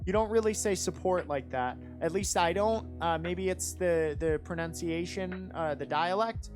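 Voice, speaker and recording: Excitable rap verse reviewer, faint guitar behind. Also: medium pitch, moderate pace. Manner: enthusiastic, rambling, with many fillers and restarts. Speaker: rap battle judge reviewing written verses. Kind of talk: live commentary and critique.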